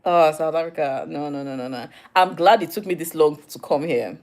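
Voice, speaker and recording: A young woman from Nigeria with a Nigerian accent, talking casually in a diary vlog, chatty and animated, laughing often. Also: low voice, brisk. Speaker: vlogger.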